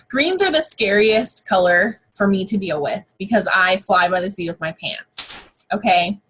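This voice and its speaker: A woman's voice: mid-range voice, fairly bright tone, breathy edge. A woman giving a casual, chatty sales training from her home office, full of fillers and exclamations. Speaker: network marketing team trainer.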